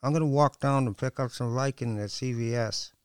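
A man's voice: medium pitch, fairly even intonation, fairly quick, darkish tone, clean tone, no room sound, pitched above the performer's own voice, lightly acted. A man voicing a weary, wry young woman with a dry manner. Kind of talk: audiobook dialogue.

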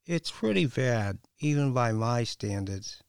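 Man reading a weary, wry young woman; smooth, dry-sounding. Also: mid-range voice, expressive, slow pace, dry recording. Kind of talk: audiobook dialogue.

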